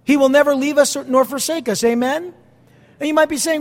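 A man's voice: very high voice, steady tone, brisk, big-room sound. A male pastor preaching a sermon in a conversational way, with asides and questions to the congregation.

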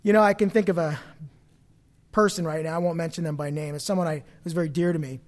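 Guy preaching a sermon, kinda high voice, swings from loud scripture to soft stories. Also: fairly even intonation, fast.

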